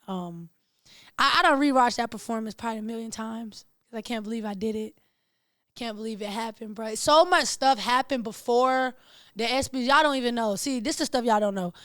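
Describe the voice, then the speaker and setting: Young woman host, high-pitched, slangy and excitable, dry close sound. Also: dry recording. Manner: excitable, slangy, animated storytelling. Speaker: podcast host. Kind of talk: casual storytelling to camera.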